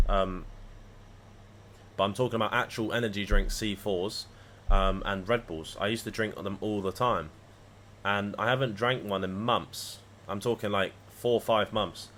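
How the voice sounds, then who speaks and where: A live trading streamer rambles and swears freely as he chats casually with his viewers, trading profane banter. His voice sits on the low side and is a bit bright, with a little hiss or hum in the recording.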